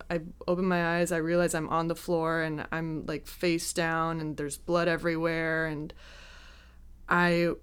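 A young woman casually telling a personal story, chatty and quick to laugh at her own mishaps. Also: lowish voice, clean tone.

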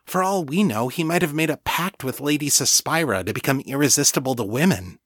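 A man's voice: on the high side, expressive, brisk, fairly bright tone, no echo, clean studio sound, pitched above the performer's own voice. A man voicing a skeptical young woman telepath who questions bluntly.

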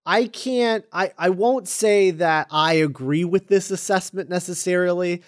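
Young male storyteller, high voice, animated, acts out quotes. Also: unhurried. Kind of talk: casual storytelling chat.

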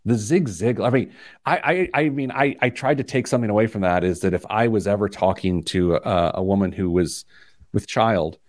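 A man hosting a radio money show, telling stories in a lively, self-deprecating way. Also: fairly low pitch, fairly quick, no echo, clean studio sound. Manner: animated, self-deprecating storyteller. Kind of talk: casual chat, storytelling.

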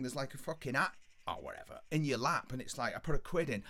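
A man's voice: mid-range voice, expressive, quick pace, creaky, pushed and bright. A man telling a rambling, sweary anecdote on a casual podcast. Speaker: podcast co-host. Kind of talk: casual storytelling chat.

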